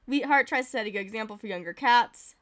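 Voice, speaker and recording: High-pitched woman streaming a game, reading stuff out fast, laughing a lot. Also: a bit bright. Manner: giggly, reads events aloud quickly, laughs often. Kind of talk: casual game commentary.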